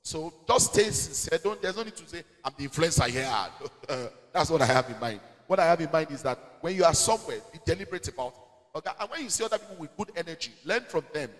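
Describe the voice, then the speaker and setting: Nigerian male pastor, high and very expressive delivery, emphatic preaching, long hall reverb. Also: fast. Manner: animated, emphatic, slipping into Pidgin asides. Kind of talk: preaching in a church Q&A. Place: church hall.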